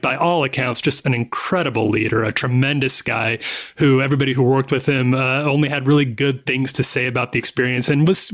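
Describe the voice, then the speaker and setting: A man's voice: medium pitch, fairly bright tone, no echo. A man hosts a podcast in mid-range, everyday tones. He speaks earnestly and halts often with fillers as he gathers his thoughts. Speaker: podcast host. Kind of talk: casual podcast chat.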